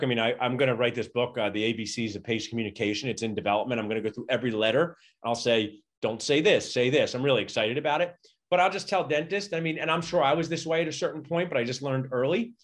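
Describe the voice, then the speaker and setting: A middle-aged man, a dentist, telling stories energetically and acting out quotes in a conversational interview. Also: fast talker. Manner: energetic, acts out quotes with big pitch jumps. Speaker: dentist and podcast guest. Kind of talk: animated storytelling conversation.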